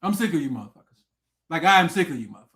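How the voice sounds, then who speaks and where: A high-voiced man hosts a livestream from a desk mic. He rants in a loud, profane and taunting way, jumping from shouts to low mutters and daring viewers to come on and debate him. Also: very animated, racing. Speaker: livestream host. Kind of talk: confrontational livestream rant.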